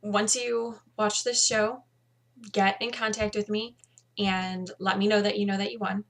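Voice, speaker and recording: Casting note: woman in her thirties, worn-out but chatty home podcast host, mid-range voice. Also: medium pitch. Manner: chatty, tired, bursts of excitement. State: tired. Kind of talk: casual video podcast chat.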